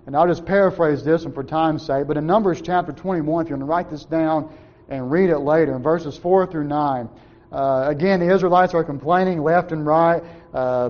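A man's voice: on the high side, darkish tone, dull audio. A man preaching a sermon, asking his listeners questions and answering them himself, and briefly acting out the words of the people in his story. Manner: asks the congregation questions and answers them, acts out short quotes.

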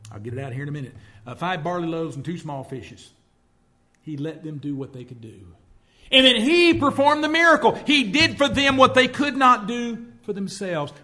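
A man with a high, bright and forceful voice preaching a sermon. He tells stories and acts out the people he quotes, and his delivery climbs and drops as he builds his points. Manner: storytelling preacher who acts out quoted speech. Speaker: pastor.

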